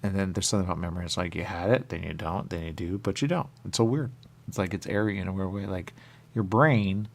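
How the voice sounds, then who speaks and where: Man, low voice, gravelly fry, rambling repetitive monologue, whispers and sudden high outbursts. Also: brisk. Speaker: radio host.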